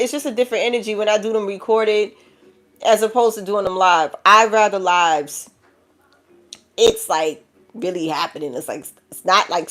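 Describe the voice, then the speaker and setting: A woman with a New York accent giving a live tarot reading, lively and slangy, swinging between loud exclamations and low hushed stretches. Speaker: tarot reader.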